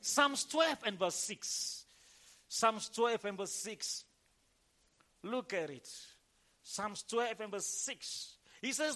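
A male pastor preaching with a very high, animated voice that swoops up and down. His tone is bright and sharp, and he drives each point home emphatically. He reads scripture in a slow, drawn-out cadence and keeps calling on the congregation to answer him. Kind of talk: sermon.

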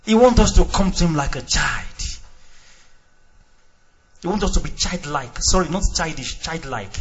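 A male pastor preaching a sermon, acting out little dialogues, swinging between shouts and quiet asides. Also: fairly high pitch, animated, moderate pace, dull audio.

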